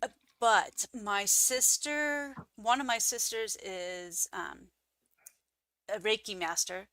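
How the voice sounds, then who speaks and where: A woman guest talking slowly and unhurriedly, her voice bright and forward. She tells her stories in a casual, animated way and jumps high in pitch when she quotes other people. The recording is close and dry. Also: no echo. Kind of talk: casual interview storytelling.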